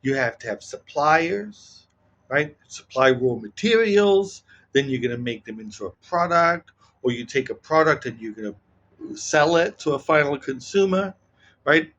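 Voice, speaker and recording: A man giving casual, animated political commentary, often checking in with "right?". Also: on the high side, unhurried, dull audio. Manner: animated, keeps asking "right?".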